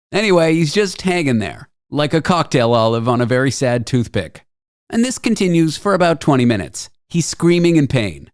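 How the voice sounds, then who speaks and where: A man's voice: medium pitch, dry recording. A man hosting a radio talk show, delivering a sarcastic, jokey news monologue into a studio microphone.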